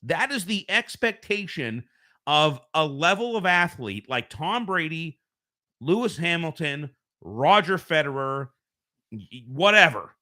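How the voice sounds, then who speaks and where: An American man hosts a casual live stream from home over a home streaming microphone, rambling and correcting himself in a conversational way. His voice is a little high and sharp, with big pitch swings and an unhurried delivery.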